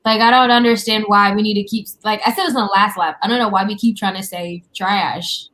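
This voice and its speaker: A woman's voice: mid-range voice, fairly even intonation, brisk, crowd noise. Woman chatting frank and loose on a group call, swears a lot. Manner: frank, casual, swears freely. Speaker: panelist. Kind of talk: casual group discussion.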